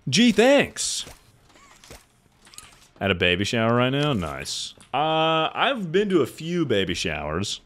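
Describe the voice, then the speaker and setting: A man's voice: mid-range voice, huge pitch swings, slow pace, fairly bright tone. Tipsy, swearing male streamer. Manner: rambling, swearing, frequent laughter. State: drinking, tipsy. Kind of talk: casual game-stream chatter.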